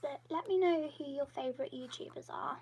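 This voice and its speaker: A woman chatting casually on a live stream, soft and half-whispered, rambling while she draws. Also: sits high, brisk, rough recording. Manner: drawing while she talks. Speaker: YouTuber and artist.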